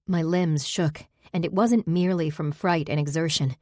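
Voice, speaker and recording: A woman's voice: low-pitched, fairly even intonation, normal speed, darkish tone, no room sound. A woman narrating a first-person fantasy audiobook with intimate, emotional storytelling on a close studio mic.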